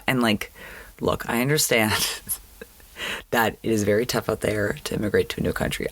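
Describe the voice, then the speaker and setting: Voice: medium pitch, no echo. A podcast host giving a chatty, wry recap of a TV episode and repeating words for emphasis. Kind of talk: casual recap commentary.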